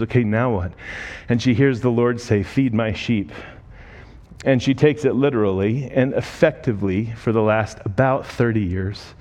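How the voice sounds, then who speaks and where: A man preaching through personal stories in a conversational way, quoting the people in them. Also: lowish voice. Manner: emotional, voice rising and breaking when moved; conversational, quotes people in lively voices. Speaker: speaker telling ministry stories. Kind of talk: sermon storytelling.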